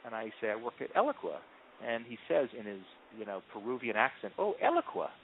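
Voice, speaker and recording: A man being interviewed as a marketing executive, telling stories in an animated way with frequent ums and restarts. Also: medium pitch, fairly quick, a little hiss or hum. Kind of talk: conversational interview answers. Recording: tinny phone-line audio.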